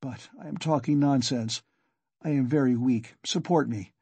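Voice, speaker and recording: A man reading the part of a feverish, weak young man who talks in a strained, fretful way, with a husky voice. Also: medium pitch, normal speed, dark tone, no room sound. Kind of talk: audiobook character reading.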